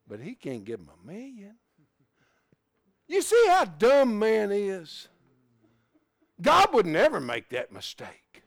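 An older man preaching a sermon in a folksy way, swinging from hushed asides to loud shouts. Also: high voice, wildly swooping pitch, slow pace, creaky, long pauses, no echo, studio quality.

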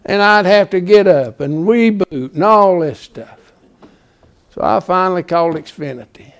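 Speaking a little slowly in a smooth, high-sitting voice, a man in his seventies delivers a sermon through a folksy story. His animation rises as he goes, and he ends up loud.

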